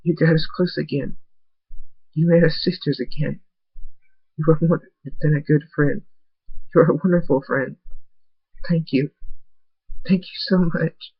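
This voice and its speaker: A man voicing a grateful adult pony princess who speaks slowly and earnestly. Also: fairly high pitch, fairly even intonation, creaky, slightly rough, voice pushed up, full character voice. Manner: slow, earnest. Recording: dull lo-fi dry recording.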